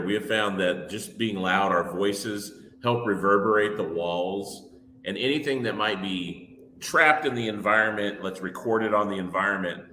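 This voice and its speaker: A man's voice: on the low side, bright, forceful tone, roomy sound, a little hiss or hum. A man, a paranormal investigator, explaining his methods in a casual interview and building each point with everyday analogies.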